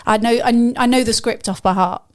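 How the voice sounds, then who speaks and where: A woman's voice: a little high, fairly quick. A woman with an English accent, chatting casually as a podcast co-host, enthusiastic and given to fillers. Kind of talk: casual chat.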